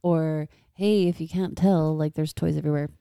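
A woman in her thirties chats casually with friends on a parenting podcast, her voice sitting a little low and sounding mellow and warm. She gets animated, laughing often and acting out quotes. The sound is dry and close. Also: moderate pace, vocal fry, clear, resonant tone, no room sound. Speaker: podcast co-host. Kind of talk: casual chat.

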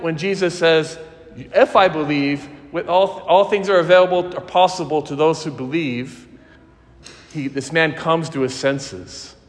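A man preaching a sermon as a priest, earnest and emphatic, with slow, deliberate phrasing. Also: high voice. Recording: long church reverb.

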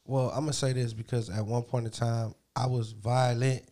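Man, mid pitch, casual podcast co-host, earnest, profane, reflective. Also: level tone, moderate pace, warm tone. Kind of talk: casual chat. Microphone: studio mic.

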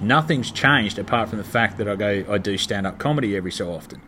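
A man's voice: on the low side, lively intonation, quick pace, bright, forceful tone, a little hiss or hum. An Australian man, a stand-up comedian, telling a story in a casual monologue, blunt and heavily profane, ranting in exasperation.

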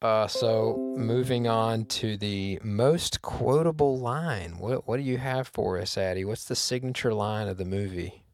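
Low-voiced wry male podcast host. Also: unhurried, hardly any pauses, soft background music. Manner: wry, joking, slightly rambling. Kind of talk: casual podcast chat.

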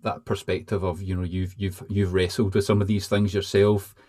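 Male host, lowish voice, hesitant, rambling questioner. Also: little pitch movement, moderate pace, mellow, no echo, clean studio sound. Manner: hesitant, rambling, many restarts. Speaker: podcast host. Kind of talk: casual interview chat.

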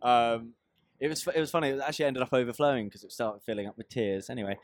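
A man's voice: mid-range voice, quick pace, no room sound, studio quality. A young man in his twenties co-hosting a casual podcast, chatty and jokey, laughing often. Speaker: podcast co-host.

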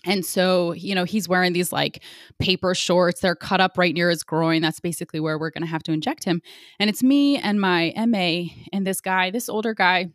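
A woman in her forties who works as a sports medicine physician is an interview guest, and she tells her stories candidly and with real animation, packing in plenty of fillers. Her voice sits fairly low and moves at a normal speed. The recording is clean and studio-quality, with no echo.

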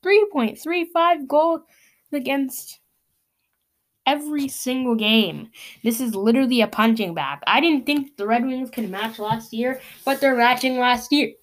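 A woman reading hockey stats aloud in a sarcastic, exasperated rant, her voice worn from yelling. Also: sits high, measured pace. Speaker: sports fan commentator.

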